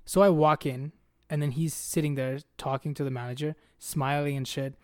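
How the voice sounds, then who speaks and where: Slightly high-voiced and speaking at a normal speed, a young podcast host recounts a story with lively, foul-mouthed slang, repeatedly calling his buddy "bro." The audio is studio quality with no echo.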